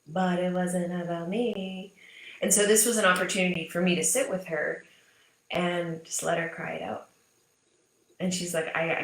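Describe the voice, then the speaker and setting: A business mindset coach in her thirties talks to camera in a casual, motivational way, candid with her audience, swearing freely and repeating points for emphasis. Her voice is fairly low and fairly bright, and the room is echoey.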